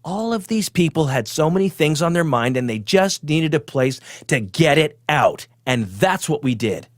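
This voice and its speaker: Smug comic host, middle-aged man, animated delivery, tight dry studio sound. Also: mid-range voice, dry recording. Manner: self-absorbed, boastful, rising to excited outbursts. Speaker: podcast host. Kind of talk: comedic monologue.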